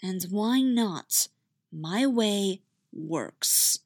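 A woman voicing a cold, menacing female dark warrior, speaking slowly, low and quietly. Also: lively intonation, gravelly, no echo, studio quality, heavily acted. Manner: slow, low, quiet and threatening.

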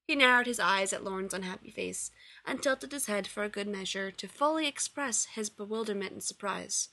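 Brief: woman story reader, bright tone, mid pitch, steady narration. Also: normal speed. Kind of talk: reading fan fiction aloud.

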